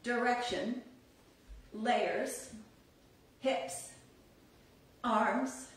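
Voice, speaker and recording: A woman's voice: a little high, drawn-out words, heavy reverb, distant mic, low-quality recording. A woman teaching a belly dance class, chatty and upbeat, laughing often. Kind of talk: live online dance class.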